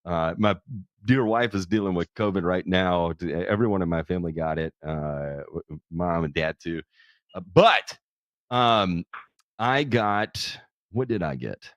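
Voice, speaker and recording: A man's voice: deep voice, unhurried, no echo. A man hosting a charity livestream, talking casually in a candid, profane, self-deprecating way. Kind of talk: casual chat.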